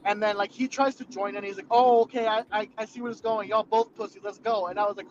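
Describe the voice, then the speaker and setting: A man's voice: sits high, fairly even intonation, quick pace, few pauses. A young man telling rambling, profane work stories in casual chat, full of fillers. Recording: muffled lo-fi recording with clear background noise.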